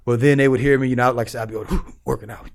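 Podcast guest, male, rapid-fire animated storyteller who uses street slang and acts out voices. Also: medium pitch. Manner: animated, acts out the people he quotes.

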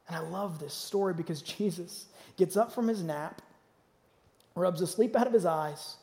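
Male pastor, high voice, dynamic sermon delivery, long reverb of a church hall. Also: expressive, normal speed. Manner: dynamic preaching, swings from loud to hushed. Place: church auditorium.

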